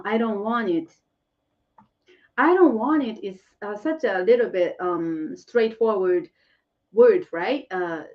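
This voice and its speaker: A woman's voice: medium pitch, distant mic, lo-fi sound. A woman whose first language is Korean, teaching a live online lesson and answering viewer questions, laughing often and repeating phrases.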